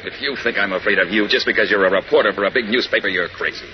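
Batman impostor, voiced by a man, curt and low. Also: fast talker, natural voice. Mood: hostile. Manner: curt, hostile, dismissive. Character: surly impostor posing as masked male hero. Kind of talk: 1940s radio acting. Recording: dull hissy old radio recording.

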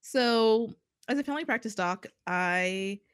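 A woman's voice: a little high, expressive, unhurried, clear, resonant tone. A woman family physician hosting a podcast, chatting in a bubbly, playful way. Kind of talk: casual chat.

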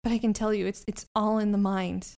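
Brief: woman voicing a scared little boy, halting and stammering, for a tabletop game. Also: mid-range voice, level tone, vocal fry, a little mellow, natural voice. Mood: frightened. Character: frightened young boy, timid and shaken.

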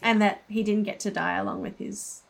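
A woman hosting a podcast, chatting casually as she critiques a film, measured and laughing often. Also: mid-range voice, fairly even intonation, gravelly. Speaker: podcast host. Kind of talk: casual chat reviewing a film.

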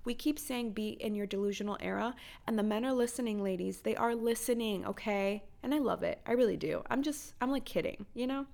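A woman's voice: a little high, brisk, gravelly, hardly any pauses, a little mellow. A young woman hosting a podcast, giving blunt dating advice in casual chat, swearing freely and firing off emphatic rhetorical questions. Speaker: podcast host.

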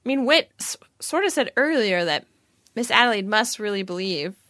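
A woman co-hosts a podcast in a casual, chatty conversation. She has a bright, forward tone and makes quick, wry asides. The sound is dry and close to the mic. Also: medium pitch, lively intonation, no echo. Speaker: podcast co-host. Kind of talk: casual chat.

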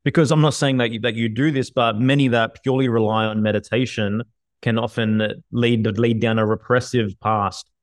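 Halting man asking a question, dry sound. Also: medium pitch, steady tone, dry recording. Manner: halting, restarts his question several times. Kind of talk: conversational interview.

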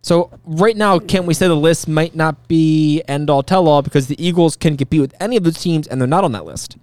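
A man's voice: on the high side, brisk, darkish tone, no echo, clean studio sound. A man co-hosting a casual sports podcast, pressing his co-host for a straight answer.

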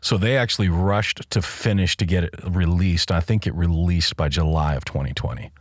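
A podcast co-host with a low, husky voice joins a casual discussion about faith, speaking emphatically at a moderate pace and circling back over his words as he thinks. The recording is close and dry.

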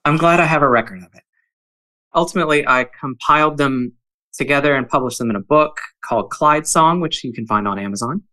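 A man with a bright, forceful voice talks in a plain, measured way and drops in the odd "uh". He also reads short poems aloud. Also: on the high side, rough recording. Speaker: podcast guest. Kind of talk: casual chat and poetry reading.

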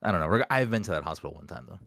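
Low-voiced blunt man in casual chat. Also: expressive, very fast, vocal fry, fairly bright tone, no echo, studio quality. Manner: blunt, swears freely, emphatic. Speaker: podcast co-host.

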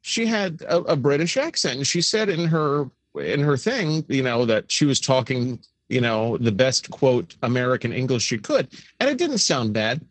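A middle-aged man co-hosting a casual podcast, crude and animated, breaking into loud impressions. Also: moderate pace, hardly any pauses, dry recording. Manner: animated, crude, bursts into high shrieking impressions. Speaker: co-host.

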